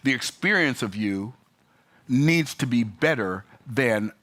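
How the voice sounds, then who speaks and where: A man telling a story and ranting about customer service, emphatic and animated with sudden pitch jumps. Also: slow. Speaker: business vlogger. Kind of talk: opinionated talking-head rant.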